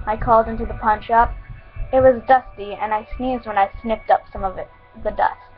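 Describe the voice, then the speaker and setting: A woman's voice: medium pitch, steady tone, normal speed, phone-quality sound, faint music behind. A woman casually reading her first-person fan story aloud at home, with small slips along the way. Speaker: fan fiction reader.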